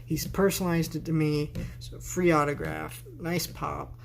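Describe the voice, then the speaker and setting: A man's voice: on the high side, little pitch movement, a little slow, gravelly, a little hiss or hum. A man vlogging a casual tour of his bedroom on a handheld camera, rambling with sarcastic asides. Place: bedroom, indoors.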